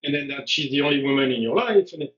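A man's voice: medium pitch, lively intonation, fast, fairly bright tone. A man, a strength coach, talking bluntly and animatedly on a live stream, acting out quotes as he goes. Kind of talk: casual conversation on a live stream. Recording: dull lo-fi live stream audio.

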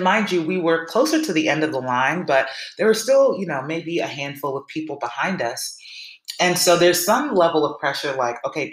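A woman podcast host telling a personal story in a monologue, acting out her own past thoughts in a lively, rising voice. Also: low voice. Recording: roomy echo.

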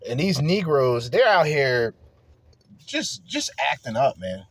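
A man's voice: medium pitch, big pitch swings, slow, fairly bright tone, dry recording. A man hosting a podcast, ranting in a heated, profane, emphatic way and firing off rhetorical questions. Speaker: podcast host. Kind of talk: solo opinion rant.

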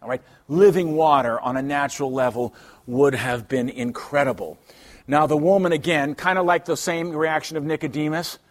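A middle-aged man giving a scripture lecture, reading passages aloud and commenting with lively asides. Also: a little high, normal speed. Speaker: Catholic teacher.

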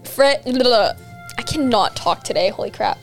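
Chatty young woman with a slightly high voice. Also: lively intonation, normal speed, soft background music. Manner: rambling, trails off and restarts. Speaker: podcast co-host. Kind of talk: casual chat.

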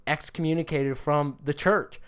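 A woman's voice: low-pitched, steady tone, moderate pace, smooth. A woman co-hosting a casual comedic chat, sarcastic and fond of acting out quoted voices.

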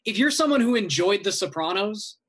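A man's voice: high voice, expressive, brisk, fairly bright tone. A man co-hosting a casual podcast, talking through arguments at length. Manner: reflective, builds arguments at length. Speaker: podcast co-host.

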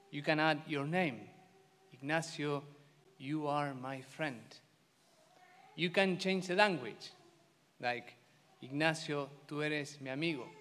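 A man delivers a sermon at a slow, deliberate pace in a slightly higher voice. He speaks earnestly, stacking emphatic repeated phrases, and his words ring with the long reverb of a church. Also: fairly bright tone. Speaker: priest.

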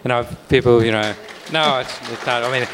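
A man recounts his career in a wry, self-deprecating way, laughing as he talks. His voice sits at a middle pitch for a man. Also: moderate pace, background noise. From Australia. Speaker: author guest. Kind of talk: relaxed panel storytelling.

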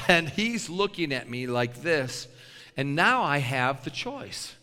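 An older male preacher tells stories from the pulpit in a lively sermon, his pitch swinging widely as he laughs between lines. His voice is bright and fairly high for a man. It rings with the long reverb of a big church hall. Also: slow. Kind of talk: sermon with animated storytelling.

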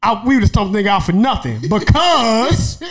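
A man telling a story in casual chat, animated and laughing often as he acts out the people in it. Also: high-pitched, normal speed.

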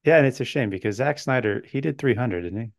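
A man's voice: medium pitch, expressive, quick pace, vocal fry, no echo, clean studio sound. A man hosting a podcast, chatting casually in a joking, rambling way and playfully quizzing his co-host. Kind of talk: casual chat.

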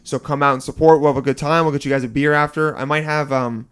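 A young man co-hosts a podcast in loose, casual chat. He is excitable, jumps in often and laughs readily. His voice is smooth and clear, and pitched a bit high. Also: fast. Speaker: podcast co-host.

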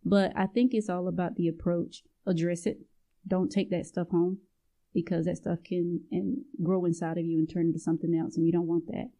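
A woman who is a guest on a podcast, talking in a relaxed, conversational way with casual phrasing. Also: fairly low pitch, normal speed. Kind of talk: casual interview talk.

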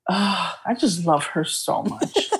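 A woman's voice: fairly low pitch, takes it slowly, husky. Enthusiastic young woman chatting. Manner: enthusiastic, animated storytelling. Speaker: podcast co-host. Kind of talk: casual chat.

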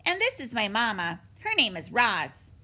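A woman doing a tiny worried gosling boy, squeaky high and jumpy, full of nervous questions, breathy. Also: wildly swooping pitch, moderate pace, sharp tone, exaggerated voice. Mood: anxious. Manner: high, eager, fretful questions. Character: young worried male gosling, anxious and curious.

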